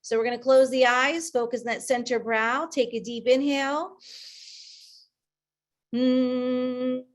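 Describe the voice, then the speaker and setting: Calm woman guiding breathing over a call. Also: fairly high pitch. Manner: slow, calm counting of breaths with pauses. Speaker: breathwork and meditation coach. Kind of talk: guided breathing and meditation session. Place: online video call.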